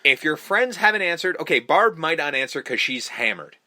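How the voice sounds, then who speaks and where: A man's voice: a little high, fairly quick, dry recording. A man co-hosting a movie podcast in casual chat, swearing a lot and acting out scenes in voices. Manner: profane, animated, acts out scenes in voices. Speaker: podcast co-host.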